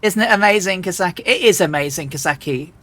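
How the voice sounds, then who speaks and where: A woman streamer chatting casually and rambling as she flies a simulator, often restarting and clearing her throat. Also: on the low side, expressive, quick pace, a bit bright, dry recording. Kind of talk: casual live-stream chat while flying a flight simulator.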